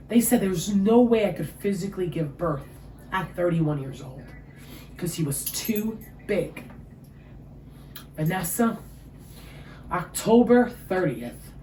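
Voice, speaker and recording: A woman's voice: lowish voice, warm tone. Emotional woman telling her story, echoey room. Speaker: interview guest. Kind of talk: personal testimony. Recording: echoey room with faint ambient noise.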